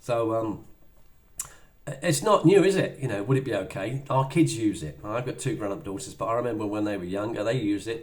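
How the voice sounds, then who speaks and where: A man's voice: on the low side, animated, a little fast. A middle-aged man giving a motivational sales talk in a chatty way, acting out little dialogues as he goes. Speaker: business trainer.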